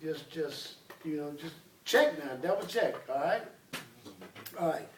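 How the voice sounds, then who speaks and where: A man's voice: fairly high pitch, lively intonation, measured pace, slight background noise. Commanding male teacher. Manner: commanding, drills students call-and-response. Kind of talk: classroom teaching. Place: classroom. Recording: echoey room, voice from far off.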